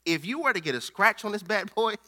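High, bright-voiced joking preacher man. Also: expressive, brisk. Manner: playful, joking, calls on the congregation. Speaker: pastor. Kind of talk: sermon.

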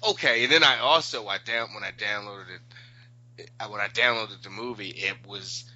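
Male podcast co-host, bright edgy tone, blunt and opinionated, dull audio. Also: lowish voice, normal speed, no echo. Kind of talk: casual chat.

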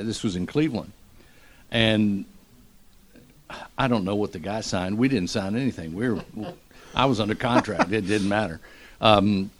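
A middle-aged man, a radio morning show host, telling a story in a lively, animated way. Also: on the low side. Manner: animated storyteller, acts out quotes. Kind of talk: casual storytelling.

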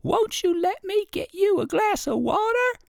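A tiny, grateful little red ant squeaks out its words, far above a normal speaking voice, as a storybook narrator puts it on. The voice sounds small and eager, and it is recorded dry and close. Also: big pitch swings, measured pace, gravelly, no room sound, full character voice. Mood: admiring.

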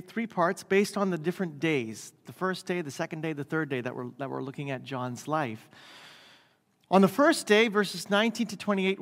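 A man's voice: high voice, a bit bright. A man preaching a sermon in a church in a conversational way, often checking in with the congregation by asking "right?". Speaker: pastor. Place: church sanctuary. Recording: long hall reverb.

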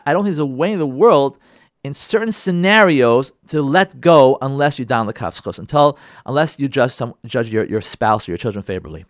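Animated rabbi a lively, expressive voice. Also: male voice, medium pitch, dry recording, clean studio sound. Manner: animated, repeats phrases for emphasis, acts out listeners' voices. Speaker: rabbi, show host. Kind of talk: lively Torah talk addressed to listeners.

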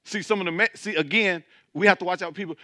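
A man's voice: high voice, fast, pushed and bright, no room sound. A man preaching as pastor, building intensity, with mocking asides about churchgoers. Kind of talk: sermon.

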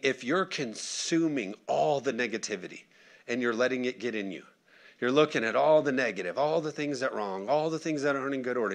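With a mid-range voice, this thirty-something preacher keeps his sermon lively and chatty. He dramatizes the quotes he cites and invites responses from the people in the pews.

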